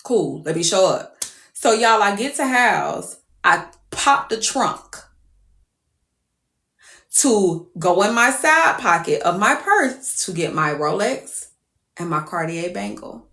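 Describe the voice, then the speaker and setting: A woman's voice: medium pitch, sing-song, slow, a bit bright, roomy sound. A woman telling a story casually to her viewers, profane and exclamatory.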